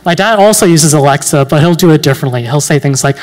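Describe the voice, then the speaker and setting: A young man around nineteen performing a stand-up comedy set with dry, deadpan delivery, pausing with fillers between lines. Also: on the high side. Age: late teens. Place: university event hall. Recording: long hall reverb.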